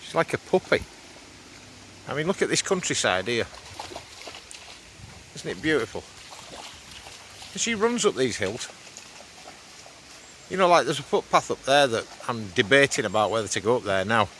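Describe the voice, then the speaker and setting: A man's voice: medium pitch, sing-song, normal speed, long pauses, a bit bright, slight background noise. A man in his fifties with a Yorkshire accent, chatting casually and a bit out of breath while walking his dog in hilly countryside. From England. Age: 50s. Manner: chatty, rambling, swears casually.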